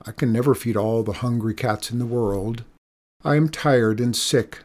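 A man voicing a weary, proud old woman who feeds stray cats, sharp and taunting in her speech. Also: mid-range voice, normal speed, natural voice. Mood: tired, resolved.

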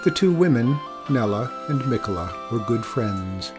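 A man narrating a children's story in a measured, expressive reading. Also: medium pitch, over music.

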